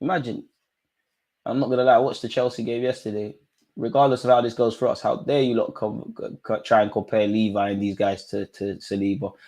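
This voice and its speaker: A young man reacting live to a football match, talking to players and the referee, swinging between low mutters and high shouts. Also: flat delivery, a little fast. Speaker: football watchalong streamer.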